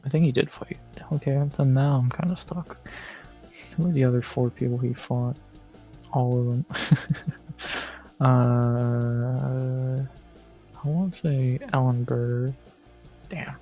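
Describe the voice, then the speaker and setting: Gravelly-voiced man muttering through quizzes. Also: medium pitch, steady tone, slow, long pauses, lo-fi sound, soft background music. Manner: mutters and swears at quiz questions. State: losing his voice. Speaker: streamer. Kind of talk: casual live-stream commentary while playing quizzes.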